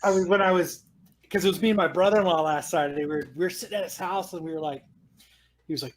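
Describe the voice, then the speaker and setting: A man's voice: high voice, fast. A man co-hosting a podcast, telling car stories in casual, profane chat and laughing often. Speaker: podcast co-host.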